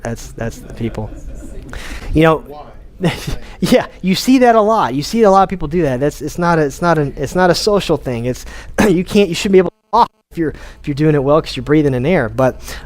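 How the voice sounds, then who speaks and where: A man with a Texan accent giving an informal health talk to patients as a chiropractor, energetic, restarting sentences and repeating words as he goes. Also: fairly high pitch, brisk. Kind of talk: casual seminar talk to patients.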